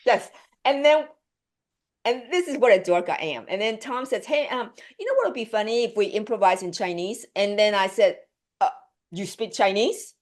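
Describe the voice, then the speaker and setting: Animated, chatty actress in an interview. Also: female voice, moderate pace. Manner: animated storyteller, laughing, acting out quotes with pitch leaps; chatty, many fillers and restarts. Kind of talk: casual storytelling interview.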